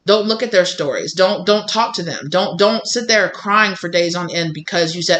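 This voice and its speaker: A tarot reader addresses viewers directly in a medium-pitched, slightly bright voice at a fairly quick pace. Blunt and emphatic, they repeat phrases, act out what other people say, and swear casually.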